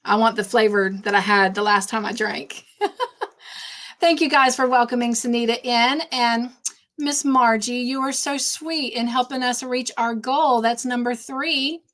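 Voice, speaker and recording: A woman's voice: fairly high pitch, a little slow. Bubbly woman hosting a live stream. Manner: warm, effusive greetings to chat viewers, easily sidetracked. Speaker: livestream host. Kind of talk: casual live-stream chat.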